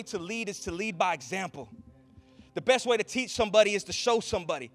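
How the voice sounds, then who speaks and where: High-voiced preaching man, soft music behind. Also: expressive, fast talker. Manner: builds from quiet storytelling to loud preaching. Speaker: pastor. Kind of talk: sermon.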